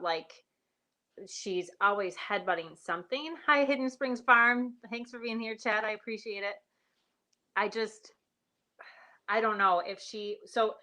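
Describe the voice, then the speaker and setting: A woman's voice: mid-range voice, bright, forceful tone. A woman farmer hosting a live stream, chatting in a rambling way and greeting viewers by name. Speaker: sheep and goat farmer hosting a livestream. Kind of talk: casual live-stream chat.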